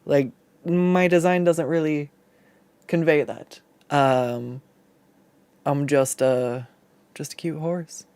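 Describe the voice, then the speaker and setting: A VTuber artist talks loosely and ramblingly while drawing on stream, with frequent self-deprecating laughs and plenty of swearing. The voice sits at a middling pitch, and the sound is dry and close, with no room echo. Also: takes it slowly, pauses often, a little mellow, clean tone. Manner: rambling, loose, swears freely when annoyed.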